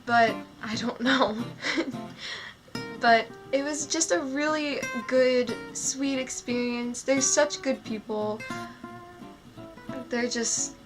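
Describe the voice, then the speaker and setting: A young woman tells a story to her camera, gushing and excitable, her talk full of "like" fillers. Her voice sits a little high. Guitar music plays clearly beneath her. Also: slow pace, long pauses. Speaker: vlogger. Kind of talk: storytelling vlog. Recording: music playing under the voice.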